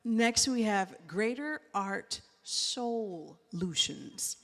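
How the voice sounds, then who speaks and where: Slow-speaking woman announcer in a reverberant hall. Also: medium pitch, expressive, a bit bright. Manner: measured, reads names carefully. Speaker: announcer reading out graduates. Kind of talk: formal name announcements. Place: live graduation event hall.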